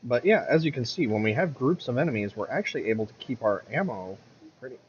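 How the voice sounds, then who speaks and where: A man talks through his gameplay in a loose, rambling way, stopping to fix his words and grumbling at the game now and then. He has the hiccups, and his voice sits at an average pitch. The audio is a little dull, with faint game sounds underneath. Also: lively intonation, fast, slight background noise. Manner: rambling, self-correcting, mutters at the game. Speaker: gameplay commentator. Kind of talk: casual gameplay commentary.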